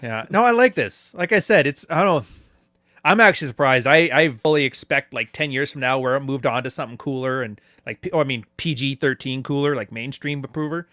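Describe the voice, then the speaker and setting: A man's voice: mid-range voice, brisk, pushed and bright, dry recording, clean studio sound. A man hosting a casual interview, joking and teasing his guest. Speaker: podcast host.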